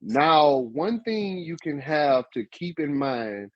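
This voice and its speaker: A man's voice: a little high, big pitch swings, slow, dry recording, lo-fi sound. A man co-hosting a relationship advice podcast, talking casually and animatedly, with emphatic repeats. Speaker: podcast co-host.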